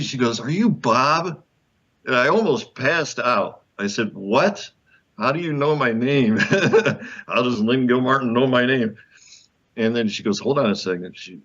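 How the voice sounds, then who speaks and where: A man with a very low voice tells a personal story as an interview guest. He is animated, acts out what people said, and laughs often. The sound is muffled and lo-fi. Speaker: guest author.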